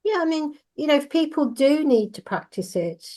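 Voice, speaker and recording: Calm, measured woman instructor. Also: sits high. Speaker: driving instructor trainer. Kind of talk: casual podcast discussion.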